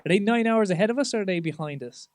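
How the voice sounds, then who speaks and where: A man hosting a podcast, chatting loosely with casual swearing and lots of halting restarts. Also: high voice, animated, no room sound, studio quality. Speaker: podcast host.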